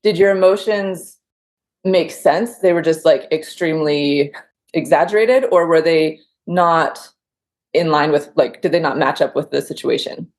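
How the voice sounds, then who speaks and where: A woman's voice: sits low, measured pace, darkish tone. A woman hosting a podcast interview, asking curious, prompting questions. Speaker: podcast host.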